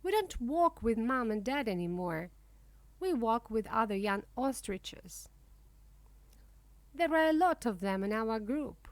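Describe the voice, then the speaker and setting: A woman reading a children's storybook aloud in simple, clear first-person storytelling. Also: fairly high pitch, animated, measured pace, dry recording. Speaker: storybook reader.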